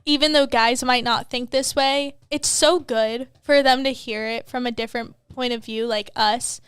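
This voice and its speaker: A woman's voice: on the high side, steady tone, normal speed, fairly bright tone, smooth, no room sound. Woman, young adult, podcast co-host, candid, swears, dry close sound. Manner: candid and chatty, swears freely, laughs often. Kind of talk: casual chat. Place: at home, children heard downstairs.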